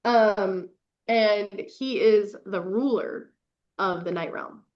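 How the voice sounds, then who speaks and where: A young woman hosting a podcast and recapping books in casual chat, gushing and swearing with quick bursts of laughter. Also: medium pitch. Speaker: podcast host. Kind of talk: casual book review chat. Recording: dull lo-fi recording.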